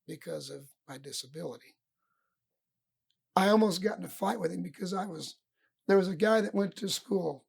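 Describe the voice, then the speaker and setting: A middle-aged wrestling coach with a high-pitched, gravelly, husky voice tells stories from his youth in a casual podcast interview. He speaks at a moderate pace with frequent pauses, animatedly acting out the lines his old coaches used to say.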